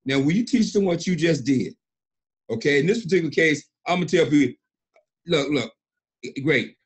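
A middle-aged man on a conference call, emphatic and animated, often repeating himself. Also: on the high side, moderate pace, slightly rough. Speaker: senior partner and mentor. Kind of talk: excited conference-call praise.

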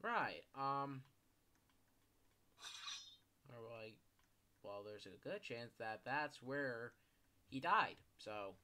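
Young man, gameplay commentary, panicky, swears often, lively jumpy pitch, faint noise behind. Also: drawn-out words, long pauses. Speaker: gaming YouTuber.

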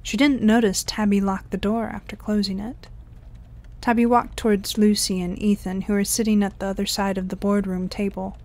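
A woman's voice: mid-range voice, flat delivery, normal speed, a little mellow. A woman narrating an audio story, reading the dialogue in lightly varied voices.

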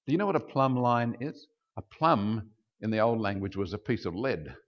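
A man preaching a sermon as pastor, explaining scripture and acting out quoted speech with big jumps in pitch. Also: expressive, normal speed. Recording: dull lo-fi sound.

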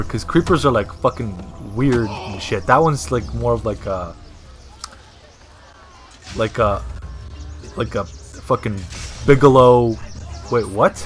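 A man's voice: medium pitch, fairly bright tone. Rambling, profane male game commentator. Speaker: gameplay commentator. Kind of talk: casual gameplay commentary.

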